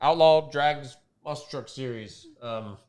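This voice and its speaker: A man's voice: mid-range voice, unhurried, darkish tone, clean tone. A man hosting a casual motorsport podcast, joking around and plugging merch and sponsors. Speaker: podcast host.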